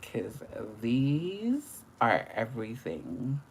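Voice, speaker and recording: A woman's voice: rumbling low, sing-song, very slow, a little hiss or hum. A young woman chatting playfully through a live makeup tutorial and greeting viewers as they join. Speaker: makeup livestreamer.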